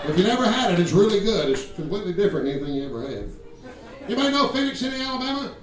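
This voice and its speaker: A man's voice: high-pitched, big pitch swings, racing, heavy background noise. A man doing profane stand-up, teasing the crowd and telling drawling stories on a comedy club stage. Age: 50s. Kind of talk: stand-up routine with crowd work. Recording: roomy club sound from a distance. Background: guitar and audience laughter.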